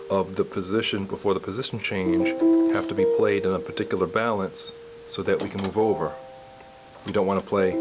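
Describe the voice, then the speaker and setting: A man giving a piano lesson, calmly explaining step by step and counting aloud. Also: deep voice. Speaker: piano teacher. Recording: dull lo-fi audio with loud piano.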